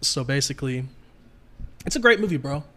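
A man hosting a casual podcast, talking excitably with lots of swearing and fillers. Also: medium pitch, brisk. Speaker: podcast host. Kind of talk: casual chat.

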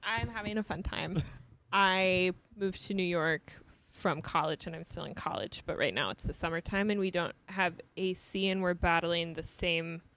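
A woman's voice: fairly low pitch, moderate pace, fairly bright tone. A woman in her early twenties, a podcast guest telling a story in casual chat, hesitant and full of fillers. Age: 20s.

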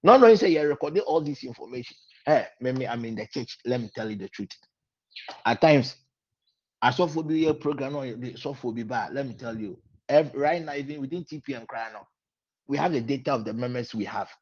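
A man's voice: medium pitch, animated, a little fast, darkish tone, slightly rough, dry recording. A man preaching a sermon, mixing in Twi and hammering lines with repetition. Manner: switching between English and Twi, repeating lines with rising emphasis. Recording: dull, lo-fi recording.

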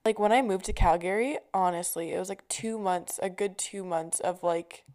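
With a fairly low pitch, moderate pace and darkish tone, this young woman vlogger chats casually through her stories. Her speech is full of swearing and fillers, especially "like."

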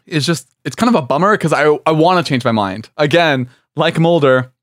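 A man's voice: fairly high pitch, expressive, fairly quick, a bit bright, dry recording, clean studio sound. Giggly, rambling podcast co-host man. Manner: giggly, rambling, tipsy from champagne. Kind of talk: casual comedic chat.

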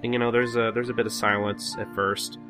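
A man's voice: fairly low pitch, flat delivery, brisk, music in the background. A man hosting a podcast, recapping manga chapters in a rambling, filler-heavy way. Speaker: podcast host. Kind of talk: casual manga recap chat.

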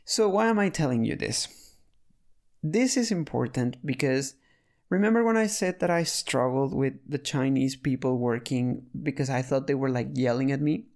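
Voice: mid-range voice, expressive, normal speed, a little mellow. A speaker casually telling a story about learning a language, chatty and full of restarts and fillers.

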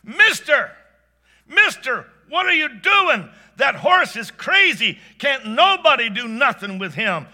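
A man doing a frantic teenage farm boy yelling across a pasture, voice jumped up high and bright, loud and rough. the storyteller pushes it into a strained shout. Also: very animated, slow, full character voice. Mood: alarmed. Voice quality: shouting, ungrammatical country talk.

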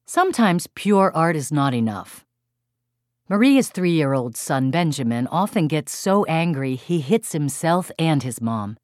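A woman with a low voice narrates an audiobook about her parenting workshops. Her delivery is expressive and emphatic. The recording is dry and close, with no room echo. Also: unhurried. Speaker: author and parenting workshop leader.

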